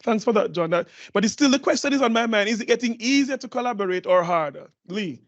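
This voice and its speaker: A man's voice: high-pitched, expressive, fast talker, dry recording, dull audio. A man moderating a conference panel, reflective and asking follow-up questions. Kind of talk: panel discussion.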